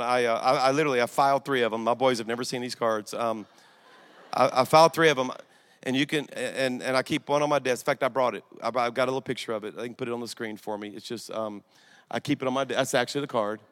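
A man from Louisiana preaching a storytelling sermon in church, swinging from hushed retelling to loud, excited bursts. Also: medium pitch. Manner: animated, swings from hushed to shouting, laughs at own story. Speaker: guest preacher.

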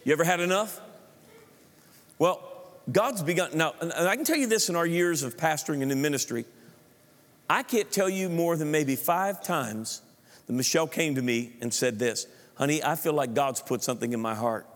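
A man's voice: on the high side, moderate pace. Man preaching in a reverberant church hall. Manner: animated preaching, acts out his inner voice, asks the congregation questions. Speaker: pastor. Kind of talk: sermon. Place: large church auditorium.

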